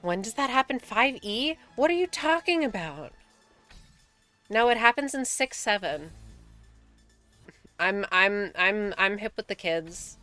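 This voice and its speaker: A woman's voice: medium pitch, measured pace, sharp tone, clear, resonant tone, faint music behind. A young American woman streaming a game, chatting casually with frequent swearing and laughter. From United States. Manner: chatty, swears often, laughs between remarks. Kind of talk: casual gaming commentary.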